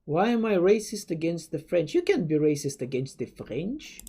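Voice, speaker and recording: This young adult streamer, whose first language is Russian, reads chat and rambles casually with viewers, stammering through restarts and swearing offhandedly. The mid-range voice is very animated and warm with a breathy edge, moving at a moderate pace.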